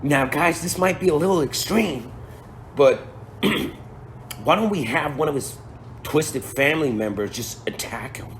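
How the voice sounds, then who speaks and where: A man's voice: on the high side, measured pace, a little hiss or hum. Slangy, casual male storyteller. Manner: casual, slangy, swearing, chuckling. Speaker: spiritual speaker.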